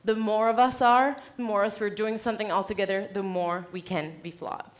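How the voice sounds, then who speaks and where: A woman giving a conference keynote on stage, direct and lively, laughing often. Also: mid-range voice, fairly quick. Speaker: conference speaker.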